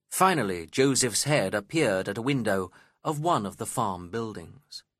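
A man reading a novel aloud in the first person, in a measured, expressive storytelling manner. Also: lowish voice, no room sound, studio quality. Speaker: audiobook narrator. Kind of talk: scripted first-person narration.

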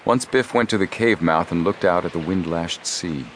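A man narrating an adventure story as an audiobook reader, in a measured, steady way. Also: low voice, slight background noise. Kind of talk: scripted narration.

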